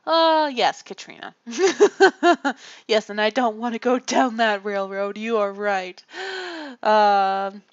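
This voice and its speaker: On a livestream from her home room, a woman from Canada talks at a slow pace in a fairly high, animated voice with no echo. Her muffled lo-fi microphone captures rambling, self-deprecating chatter broken up by frequent laughs.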